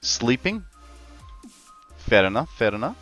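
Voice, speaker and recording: A man's voice: medium pitch, sing-song, measured pace, a bit bright, highs cut off. An Australian man streaming a game, chatting and joking with his viewers. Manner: joking, chats with viewers as he plays. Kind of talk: casual livestream chat. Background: faint background music.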